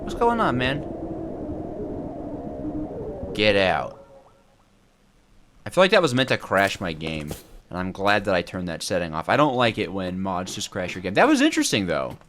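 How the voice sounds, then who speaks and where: A man's voice: low-pitched, moderate pace, a little hiss or hum. A young man giving casual gameplay commentary, rambling and talking to himself as he plays. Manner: animated, rambling, talks to himself. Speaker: gameplay YouTuber.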